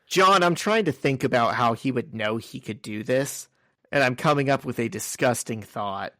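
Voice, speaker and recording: A podcast co-host casually recaps a comic, walking through its scenes in order and cracking crude jokes along the way. His medium-pitched voice is animated, pushed and bright at a normal pace, recorded dry and at studio quality.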